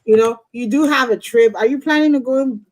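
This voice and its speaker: A woman's voice: a little high, brisk, rough recording. A woman hosting a live stream, giving a blunt, profane tarot reading to a caller. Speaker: host, tarot reader.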